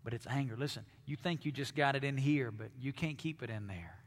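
Pastor guy preaching, goes quiet then builds up loud, big church echo. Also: mid-range voice, a little fast. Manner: dynamic preaching, drops to hushed tones then swells loud. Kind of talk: sermon. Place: church sanctuary.

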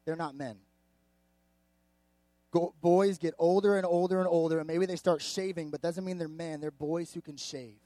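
A man in his thirties, a youth pastor, preaching a casual, energetic sermon and acting out little quotes. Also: fairly high pitch, moderate pace, no echo.

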